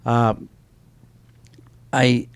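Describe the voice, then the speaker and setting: A man's voice: mid-range voice, flat delivery, drawn-out words, clear, resonant tone. A middle-aged man speaking on an author panel, telling stories animatedly with many restarts and a repeated "you know.". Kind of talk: panel talk with spoken storytelling.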